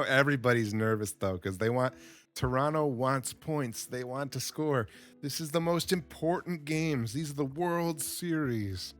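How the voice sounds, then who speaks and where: Slow-talking man teaching simple English. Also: mid-range voice, faint music behind. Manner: repeats words, reacts with excitement to the play. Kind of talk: slow, simple English lesson over game footage.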